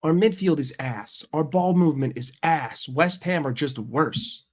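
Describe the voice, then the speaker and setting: A man's voice: fairly high pitch, measured pace. An American man giving a heated, profane football reaction rant with lots of emphatic repetition. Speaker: football fan commentator.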